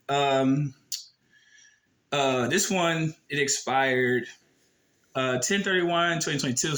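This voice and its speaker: A man with a high, bright and forceful voice talks through a form in a casual explainer. He reads passages aloud, stresses key words hard, and throws in rhetorical questions and blunt swearing. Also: rough recording. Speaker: video presenter.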